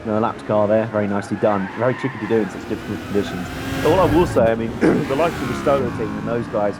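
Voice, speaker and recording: A man's voice: on the low side, quick pace, heavy background noise. A man commentating a long endurance sim race in a chatty, rambling way, laughing often. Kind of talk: live sim-racing commentary.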